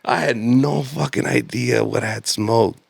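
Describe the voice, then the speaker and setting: A man's voice: mid-range voice, a little slow, vocal fry, husky, no echo. A man in his late thirties, a comedian guest telling casual, profane stories and laughing often. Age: 30s. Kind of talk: casual storytelling.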